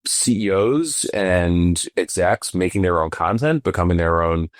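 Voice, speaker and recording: A man's voice: sits low, expressive, measured pace, no echo, clean studio sound. A man co-hosting a podcast, chatting in a friendly, laid-back way. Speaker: podcast co-host. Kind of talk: casual podcast chat.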